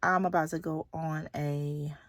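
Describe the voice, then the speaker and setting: A woman's voice: deep voice, steady tone, a little slow, dry recording. A young adult woman, a nurse, chatting candidly in a casual vlog and sometimes dropping to a whisper. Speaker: nurse and vlogger. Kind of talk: casual chat. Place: at a kids' sports game.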